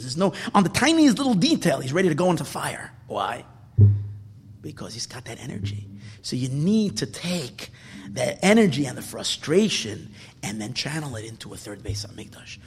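A man teaching a Torah class as a sermon, swinging from loud emphatic bursts to hushed near-whispers. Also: fairly high pitch, sing-song, moderate pace, husky, big-room sound.

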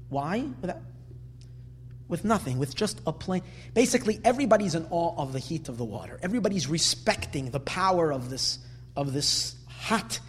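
A man gives a religious teaching with a slightly high-pitched voice, telling stories in an animated way. His delivery climbs to forceful, emphatic peaks. A faint hum sits under the recording. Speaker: Torah teacher.

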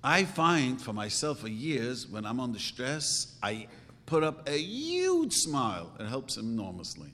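A man's voice: mid-range voice, huge pitch swings, measured pace, pushed and bright. Earnest man in an echoing hall. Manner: earnest, emphatic, storytelling with rising bursts. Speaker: rabbi giving advice. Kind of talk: informal religious talk.

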